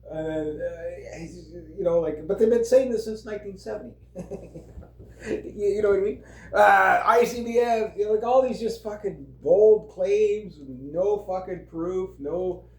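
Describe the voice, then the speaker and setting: A man with a fairly high but mellow voice rants in a loose, rambling way. He swears freely, leans on fillers and breaks into laughs. His voice echoes around the room. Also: unhurried. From Canada. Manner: rambling, profane, heavy fillers, laughs often. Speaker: vlogger. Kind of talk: casual political rant. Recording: roomy echo.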